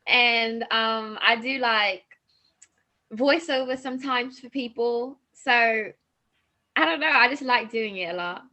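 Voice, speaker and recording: A woman's voice: a little high, takes it slowly, sharp tone. A young woman, a model and guest, chatting casually on a video call, full of "like" and "um". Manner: casual, many fillers like "like" and "um". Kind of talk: casual interview chat.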